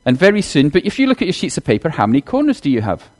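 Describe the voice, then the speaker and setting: A minister preaching to his congregation in a church, chatty and direct. His pitch swings widely as he talks, rising and falling with each point. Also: wildly swooping pitch, rapid-fire, a little mellow. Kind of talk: sermon with children's talk.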